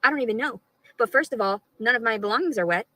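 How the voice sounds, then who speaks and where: A livestreamer talks directly to her audience, rambling, swearing a lot, and sounding aggrieved. Her voice sits on the high side, animated, fast, and sharp-toned; there's no echo, but the audio is poor.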